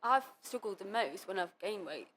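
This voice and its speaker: A young adult woman speaking as a podcast guest, telling her story candidly in quick run-on sentences full of "like". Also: mid-range voice, animated, fairly bright tone, slight background noise. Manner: fast, run-on speech full of "like" and quoted self-talk. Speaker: podcast guest, competitive cheerleader. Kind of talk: candid interview talk.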